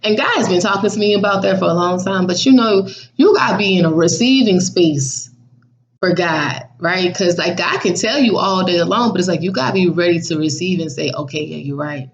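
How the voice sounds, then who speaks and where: Animated woman hosting a faith vlog. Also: on the low side, fairly quick. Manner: animated and slangy, laughs often. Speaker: vlog host. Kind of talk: casual devotional vlog. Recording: dull, muffled recording.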